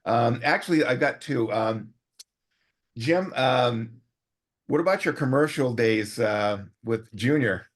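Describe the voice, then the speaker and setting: A man hosts a relaxed interview, feeling his way through questions with frequent pauses and fillers. His pitch is ordinary for a man. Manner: halting questions, many fillers. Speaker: podcast host. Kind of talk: casual interview.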